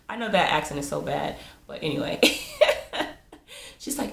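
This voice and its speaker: Low-voiced woman with some fry, chatty tv recap, echoey room. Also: big pitch swings, moderate pace. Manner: chatty, laughs often, acts out quotes. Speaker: TV episode reviewer. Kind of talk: casual TV recap. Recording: roomy echo.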